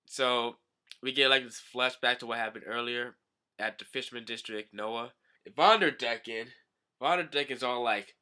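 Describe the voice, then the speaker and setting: Young man, casual comic recap, rambling with fillers, very bright tone. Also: mid-range voice, moderate pace. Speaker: manga reviewer.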